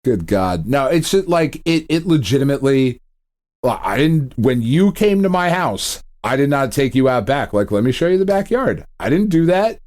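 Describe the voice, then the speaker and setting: A middle-aged man rambles through a funny story on a gaming podcast. He swears freely, laughs often and acts out what people said. His voice sits at a middle pitch. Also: big pitch swings, normal speed, a little mellow. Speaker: podcast co-host. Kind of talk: casual chat.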